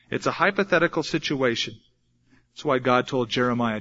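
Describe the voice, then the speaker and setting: A man's voice: medium pitch, fairly quick, pushed and bright. A man, a father of a young son, preaching a sermon and acting out the voices he quotes. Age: adult with a young son. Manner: dramatic, acts out quoted voices. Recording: dull lo-fi recording.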